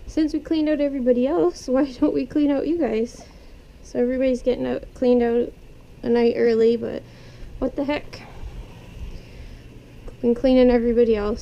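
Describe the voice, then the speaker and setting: Soft-spoken woman soothing her pets. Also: on the high side, vocal fry, a little hiss or hum, low-quality recording. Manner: soothing, talks softly to animals. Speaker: pet vlogger. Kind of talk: casual talk to pets while cleaning cages. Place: indoor room with pet cages.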